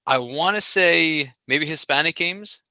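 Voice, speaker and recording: Bright animated man telling a story. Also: on the high side, a little slow, dry recording, rough recording. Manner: animated storyteller, laughs often. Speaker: podcast co-host, track coach. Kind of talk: casual chat.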